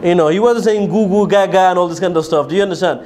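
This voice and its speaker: A man's voice: high-pitched, quick pace, darkish tone, a little hiss or hum. A man giving a religious lecture to a group, explaining at length and asking his listeners questions, with many fillers and restarts. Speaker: lecturer on a pilgrimage programme. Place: lecture room in a city of pilgrimage.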